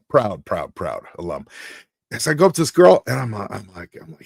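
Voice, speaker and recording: A man's voice: fairly low pitch, sing-song, moderate pace, creaky, no room sound, studio quality. A man co-hosting a casual podcast, telling a story with lots of energy and acting out the other people's voices. He sounds worn out and short of breath. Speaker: podcast co-host.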